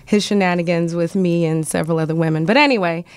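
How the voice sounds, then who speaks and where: A woman's voice: on the low side, fairly even intonation, quick pace, clean tone, no room sound. A woman hosting a radio talk show, bubbly and effusive, a little congested from a cold. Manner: bubbly, effusive, gushing praise. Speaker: radio host.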